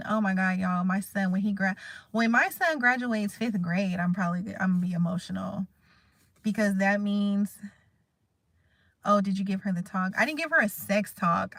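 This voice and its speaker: A woman's voice: mid-range voice, dry recording. A woman in her thirties, vlogging in a candid, emotional, rambling way and chatting casually to her viewers. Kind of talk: casual heartfelt chat to camera.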